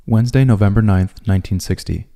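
A man narrating a scripted video essay in a calm, measured way. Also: lowish voice, vocal fry.

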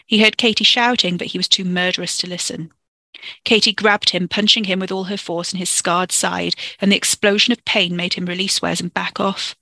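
Gravelly bright fiction narrator. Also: mid-range voice, no room sound. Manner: steady, measured reading. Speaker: podcast storyteller. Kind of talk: audiobook-style fiction narration.

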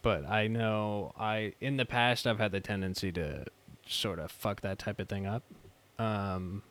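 Young male co-host, smooth low-ish voice, easygoing chat with lots of fillers. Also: unhurried. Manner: relaxed, laid-back, hesitant with fillers. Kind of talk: casual chat.

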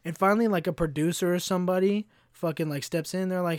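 A man's voice: sits high, fairly even intonation, fast, no room sound, studio quality. A young man hosting a solo podcast, ranting in a heated, profane, casual way. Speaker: podcast host.

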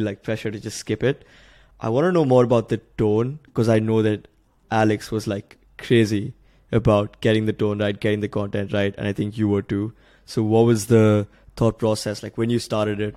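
Flat low-voiced college-age host. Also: male voice, normal speed, dry recording, studio quality. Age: 20s. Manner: casual and curious, many "like" fillers. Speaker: podcast host. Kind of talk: casual interview questions.

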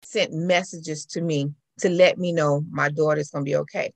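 A middle-aged woman, telling her personal story as an interview guest in an animated way. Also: low voice, normal speed, creaky, dry recording. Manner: animated storyteller, acts out quoted voices. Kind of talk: personal account in conversation.

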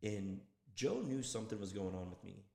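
A man co-hosting a casual podcast chat, telling stories in a loose, profane, animated way. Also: lowish voice, moderate pace, vocal fry. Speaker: podcast co-host. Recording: echoey room with long reverb.

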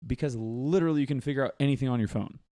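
A man's voice: medium pitch, rapid-fire, mellow. A young man in casual chat, blunt and jokey, swearing freely.

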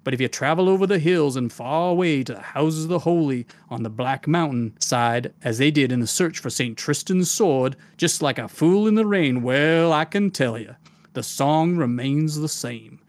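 A man voicing a folksy Southern gentleman pirate captain, with a put-on Southern US accent and old-fashioned, drawn-out phrasing. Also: on the high side, no echo, lightly acted.

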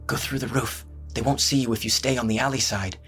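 A man's voice: mid-range voice, fairly even intonation, a little fast, fairly bright tone, faint music behind, close to an everyday voice. A man voicing a tense, resolute young male thief who speaks in urgent, clipped orders.

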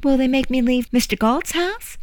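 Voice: sits high, moderate pace, no echo, studio quality, pitched above the performer's own voice, close to an everyday voice. A narrator voicing a frightened young girl who fires off worried questions. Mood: anxious.

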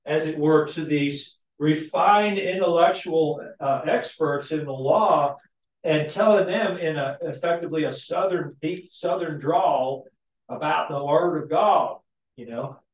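A man teaching a Sunday school class in a conversational way, often checking in with the group with tag questions and lively asides. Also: fairly high pitch, measured pace. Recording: echoey room, mic at a distance.

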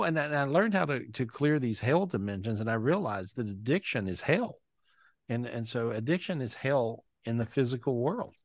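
A man's voice: fairly low pitch, no echo, studio quality. Candid man hosting a video call. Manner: emotional, repetitive, swears casually. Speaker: host. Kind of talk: live video call chat.

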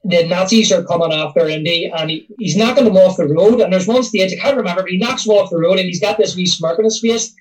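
A man co-hosting a casual movie podcast, talking in a halting way with many fillers. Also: high-pitched, far from the mic, low-quality recording. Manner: hesitant, lots of ums and restarts. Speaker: podcast co-host. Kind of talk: casual film review chat.

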